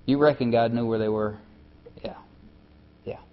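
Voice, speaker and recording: A male preacher, giving a conversational sermon and often dropping his voice soft for emphasis. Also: medium pitch, steady tone, moderate pace. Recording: dull lo-fi recording.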